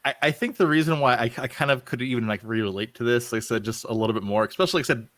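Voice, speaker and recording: A man's voice: medium pitch, very fast, a bit bright, no echo. Man saying "like I said" a lot. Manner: repeats "like I said" often. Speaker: podcast co-host. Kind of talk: casual chat.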